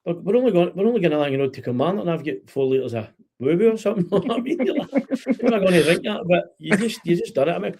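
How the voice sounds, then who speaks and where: A man's voice: sits high, sing-song, quick pace, gravelly, few pauses, warm tone, a little hiss or hum. A young Scottish man hosting a podcast, telling rambling football stories in casual chat and laughing often. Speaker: podcast host.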